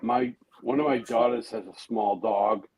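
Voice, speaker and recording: A man's voice: lowish voice, measured pace, a little mellow, slight background noise. A middle-aged man with a Boston accent chatting casually as a guest, joking crudely and easygoing. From Massachusetts, USA. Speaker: stream guest. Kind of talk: casual chat.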